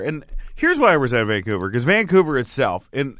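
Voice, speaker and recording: A man with a bright, forceful voice tells comedy stories in a loose podcast chat. He swears often and slips into other people's voices as he goes. The sound is dry and close. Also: mid-range voice, fast, no room sound. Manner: animated, swears a lot, acts out quotes. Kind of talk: casual podcast chat, storytelling.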